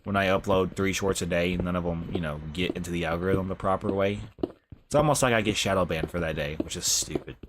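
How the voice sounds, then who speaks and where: A young man talks loosely over his gameplay, cursing and tossing in bro. His voice sits a little low. Steady noise and clicks run under it. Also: fast talker. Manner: laid-back, swears, says bro a lot. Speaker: live streamer. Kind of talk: casual gameplay commentary.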